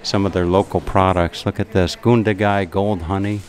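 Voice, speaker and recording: A man's voice: low-pitched, steady tone, normal speed, slight background noise. A man filming a casual travel vlog in a roadside café, chatty and enthusiastic, rambling with restarts. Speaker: travel vlogger.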